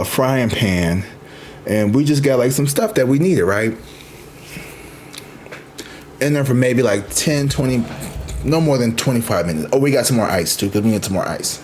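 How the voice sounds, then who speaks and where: Animated profane man in his thirties. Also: mid-range voice, normal speed, slight background noise. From Missouri, USA. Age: 30s. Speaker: vlogger. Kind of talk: casual storytelling.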